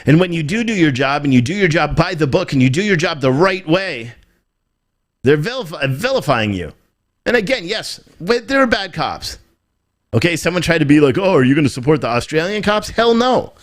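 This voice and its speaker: A man's voice: on the high side, big pitch swings, moderate pace. A man from the United States giving off-the-cuff political commentary on a live stream. He repeats his points, asks rhetorical questions and often restarts his sentences. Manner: emphatic and repetitive, hammering points with rhetorical questions; rambling, with frequent restarts. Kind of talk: off-the-cuff commentary reacting to viewer chat.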